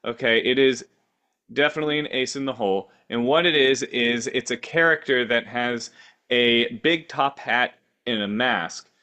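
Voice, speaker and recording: This male co-host spins goofy made-up tales on a podcast, wandering playfully through the casual improv banter. His voice is mid-pitched and sharp, and he keeps a moderate pace.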